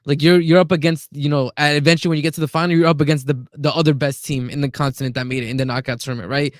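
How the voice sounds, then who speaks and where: A man's voice: on the high side, little pitch movement, very fast, dry recording, studio quality. A man co-hosting a casual football chat on a video call, blunt and opinionated. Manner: blunt, opinionated, says "bro" a lot. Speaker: podcast co-host.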